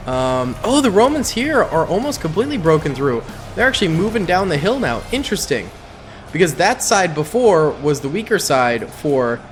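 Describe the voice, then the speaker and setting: Male gaming commentator, casual and excitable, mid-pitch voice, music bed underneath. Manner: upbeat, chatty, excitable with playful slang. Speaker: gaming YouTuber commentating a battle simulation.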